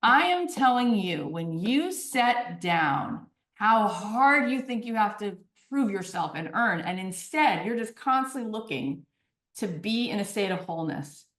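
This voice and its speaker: A woman in her forties talks through personal stories as a podcast guest. She speaks with animated energy and keeps checking in with her listener. Her voice sits mid-range and carries a roomy echo. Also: medium pitch, measured pace, distant mic. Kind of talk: storytelling in conversation.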